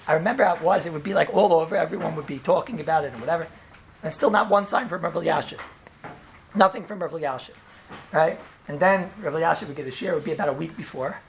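Fast-talking man a gravelly voice. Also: fairly high pitch, slight background noise, rough recording. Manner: animated, repeats himself, frequent "right?" and restarts. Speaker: storyteller recalling a rabbi. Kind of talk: casual storytelling chat.

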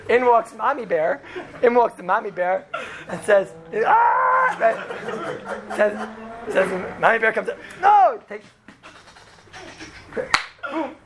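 A man giving an informal Torah talk to students, telling stories in a rambling, animated way with many fillers and laughs. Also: high voice. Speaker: yeshiva lecturer. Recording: echoey room with background noise.

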